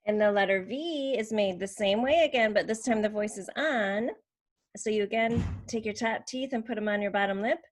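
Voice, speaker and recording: A woman's voice: medium pitch, normal speed. A woman speech language therapist, patiently explaining how letter sounds are made and modeling each one. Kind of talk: instructional demonstration.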